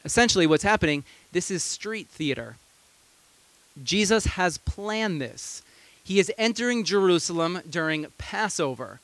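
Pastor, male, fairly high voice, relaxed storytelling sermon with amused asides, close and dry. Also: smooth, no room sound.

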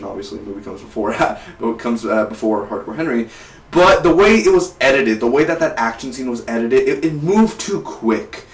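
A man's voice: mid-range voice, lively intonation, normal speed. A young man in his twenties talking casually through a film review, rambling and often restarting his sentences. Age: 20s. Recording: roomy, distant from the mic.

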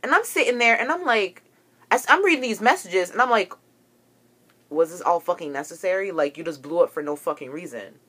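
A young woman with a somewhat low-pitched voice rants straight to her camera. She is agitated and swears freely as she tells her story. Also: lively intonation, a little fast, fairly bright tone, husky. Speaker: vlogger. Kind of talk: ranting to camera.

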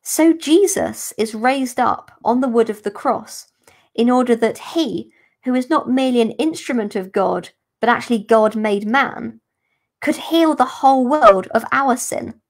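A woman, a religious sister, explaining a gospel passage in a careful, unhurried teaching manner for a podcast. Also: a little high. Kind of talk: podcast scripture commentary.

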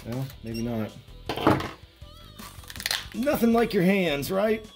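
A man hosting a hands-on repair walkthrough, explaining each step in a relaxed way with frequent fillers and restarts. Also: high voice, slow, music in the background. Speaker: retro electronics repair host.

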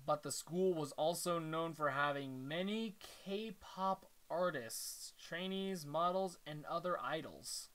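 A man reads a comic aloud for his reaction video in a bright, somewhat high voice. He takes his time and keeps breaking off the reading to comment. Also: slow, hardly any pauses.

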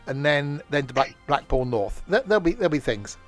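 A man's voice: fairly high pitch, sing-song, a little fast, soft background music. A man hosting a casual live stream, rambling and joking and losing his thread. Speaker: streamer host.

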